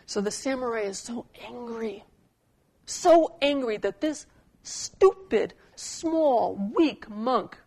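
A woman preacher delivers a sermon at a very slow, measured pace, with a gravelly, creaky edge to her voice. She reads a poem and tells a story with dramatic emphasis. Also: fairly high pitch, lively intonation, a little mellow. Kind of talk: sermon with storytelling and poetry reading.

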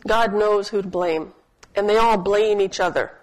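A woman's voice: medium pitch, moderate pace, poor audio. A woman preaching a sermon in a chatty, humorous storytelling way, often asking her listeners questions. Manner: asks the audience questions.

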